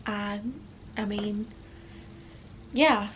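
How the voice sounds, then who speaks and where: A woman's voice: mid-range voice, extremely slow, highs cut off, a little hiss or hum. A young woman with a Southern US accent chatting casually as a book vlogger, rambling with many fillers and restarts. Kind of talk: casual chat.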